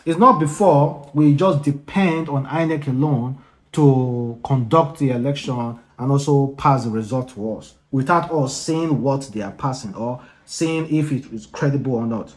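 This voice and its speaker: A man's voice: medium pitch, a little slow. Chatty vlogger man. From Nigeria. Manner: chatty, with frequent uh fillers. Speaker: YouTube news host. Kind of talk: casual vlog commentary.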